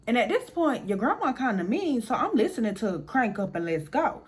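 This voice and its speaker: Blunt, animated woman telling a storytime. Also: on the high side, brisk. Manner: animated, blunt and profane, talks straight to the audience. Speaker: storyteller vlogger. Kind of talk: casual storytime monologue.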